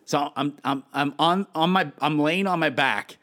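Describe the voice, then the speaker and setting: A man in his thirties co-hosting a podcast, telling stories in a lively, chatty way with plenty of fillers. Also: fairly high pitch, moderate pace. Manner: animated storytelling with many fillers. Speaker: podcast co-host. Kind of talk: casual chat.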